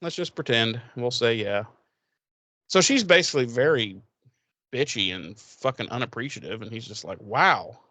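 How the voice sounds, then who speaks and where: His mid-range voice is animated and fairly bright, at a normal speed with no echo. As a podcast co-host, he casually recaps an episode, rambling and swearing, laughing often and acting out the characters.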